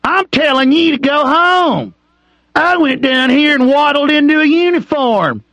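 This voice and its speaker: A man mimicking an arrogant, domineering police officer who shouts and sneers. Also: very high-pitched, lively intonation, measured pace, no echo, voice pushed up, heavily acted. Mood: sneering.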